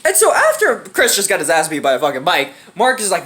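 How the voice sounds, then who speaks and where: A man's voice: high-pitched, huge pitch swings, normal speed, few pauses, pushed and bright. A young man telling a funny story in a casual, slangy, profane way, often laughing. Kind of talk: casual anecdote.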